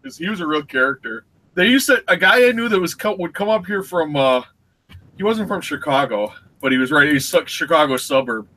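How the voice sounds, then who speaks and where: A man co-hosting a live online show, telling a story in relaxed, animated chat and mimicking the people in it. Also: a little high, brisk, low-quality recording. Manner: animated anecdote-teller who mimics people. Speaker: co-host.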